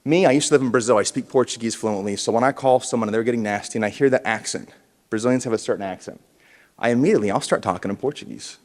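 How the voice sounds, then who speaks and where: A man's voice: medium pitch, very fast. A man giving a punchy motivational speech at a conference, stirring up the audience to call back to him. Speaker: keynote speaker at a realtors conference. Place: large conference hall, indoors. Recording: reverberant conference hall.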